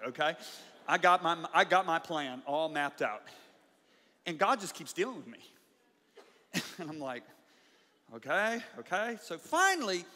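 Middle-aged guy preaching, animated storyteller, bit high voice, echoey hall with music behind. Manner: animated storytelling, swings from shouting to quiet. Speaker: pastor. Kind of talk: sermon. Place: large church or auditorium.

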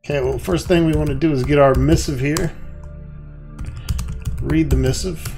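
A man's voice: on the high side, fairly even intonation, normal speed, vocal fry, music in the background. A man hosting a let's play, reading out a text adventure game and muttering casual, profane comments.

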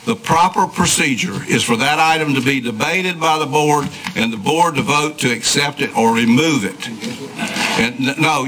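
A man's voice: medium pitch, bright, forceful tone, a little hiss or hum, poor audio. A man speaking firmly and accusingly as a commissioner at a public board meeting. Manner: accusatory, firm. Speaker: county commissioner. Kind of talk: formal complaint at a public meeting.

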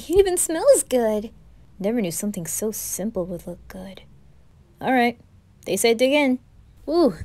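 A woman's voice: a little high, a little mellow. A woman voicing a chatty, playful teenage boy who gushes over food in a whispered role-play.

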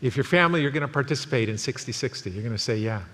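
A man in his sixties preaching a sermon as pastor, telling a story in an animated way and acting out the quotes. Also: mid-range voice, racing. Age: 60s. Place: church sanctuary. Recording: long hall reverb, faint noise.

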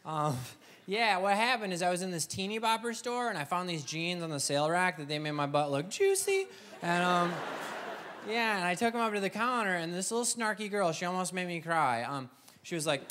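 A man's voice: sits high, expressive, fairly quick, bright, forceful tone. A man performing a stand-up comedy set, playful and sarcastic, slipping into voices for his bits. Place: comedy club stage. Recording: live stage mic, crowd laughter and room noise.

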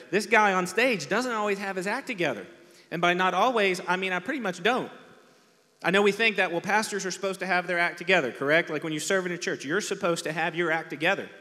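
Preacher guy, bright tense voice, kinda high, big churchy reverb. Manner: conversational, self-deprecating preaching with acted-out quotes. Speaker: pastor. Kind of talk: sermon. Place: large church hall. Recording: long hall reverb from a church PA.

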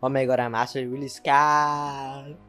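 A young man filming a reaction vlog, excitable and jumpy, with frequent shrieks and nervous laughter into a desk mic. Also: mid-range voice, normal speed, faint music behind. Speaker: reaction video creator. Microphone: desk mic with headphones.

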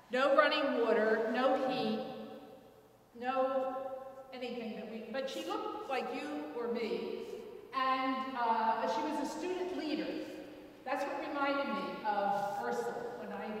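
A woman's voice: fairly high pitch, far from the mic. Older woman speaking in an echoey hall. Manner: earnest, halting with repeated words. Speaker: invited speaker. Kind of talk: personal story in a public talk.

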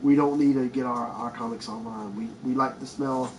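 A man's voice: medium pitch, fairly even intonation, moderate pace. Laid-back joking man, far from the mic. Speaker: co-host of a live unboxing stream. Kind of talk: casual chat. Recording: distant mic with background noise.

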